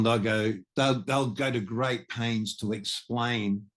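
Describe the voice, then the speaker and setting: A mid-range male voice at a measured pace with hardly any pauses belongs to an older Australian musician guesting on a podcast. He tells stories in a loose, rambling way with lots of restarts.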